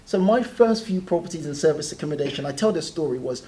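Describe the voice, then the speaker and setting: A young man, a guest telling animated stories in a casual interview and often laughing as he talks. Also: a little high, fast. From South East London.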